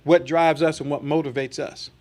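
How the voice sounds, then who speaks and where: In a sermon, a man with a high voice reads scripture before putting rhetorical questions to his congregation and performing brief quoted voices to make his case. His tone is steady and somewhat dark, and he keeps a moderate pace.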